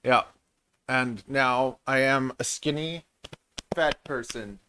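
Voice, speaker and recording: A man's voice: medium pitch, slow pace, bright, forceful tone, slight background noise. A man in his thirties hosting a live stream, chatting casually in a rambling, jokey way and laughing often. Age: 30s. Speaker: channel host.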